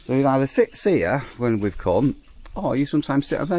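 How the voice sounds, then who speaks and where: A man's voice: big pitch swings, a little fast, a little mellow, slight background noise. A man giving a casual walking tour of a farm park outdoors, chatting as he goes and talking to the animals. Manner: chatty, talks fondly to animals in a higher voice. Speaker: vlogger touring a farm park.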